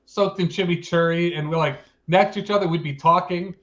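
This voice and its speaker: A chatty, self-mocking man co-hosts a casual talk show. His voice sits a little high for a man, and the recording sounds dull and lo-fi. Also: steady tone, brisk, fairly bright tone. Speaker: co-host. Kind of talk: casual chat.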